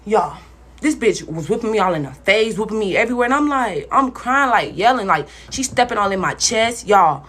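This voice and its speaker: Husky young woman, lively storytime voice. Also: mid-range voice, a little fast. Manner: blunt and profane, talks straight to viewers. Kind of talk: casual storytime vlog.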